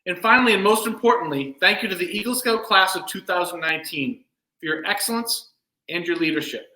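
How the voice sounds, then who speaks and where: A man serving as master of ceremonies, giving earnest, measured formal closing remarks at a virtual event. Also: sits high, pushed and bright, echoey room, rough recording. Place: home room, virtual event.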